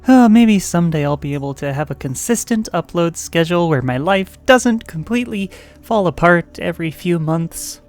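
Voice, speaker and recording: A woman hosting and narrating online role-playing stories, expressive, with playful asides. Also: lowish voice, moderate pace, hardly any pauses, faint music behind. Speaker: host and narrator.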